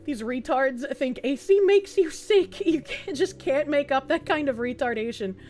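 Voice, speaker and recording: A brash woman streamer from New England rants and reads chat messages with frequent laughter. Her voice is high and swings widely in pitch. Faint music plays in the background. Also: expressive, moderate pace, darkish tone. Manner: brash, profane, laughing often. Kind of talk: casual live-stream chat, reading chat messages.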